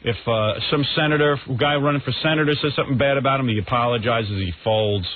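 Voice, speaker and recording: Brash ranting radio host, tinny sound. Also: male voice, mid-range voice, quick pace. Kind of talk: radio rant. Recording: tinny phone-like radio recording.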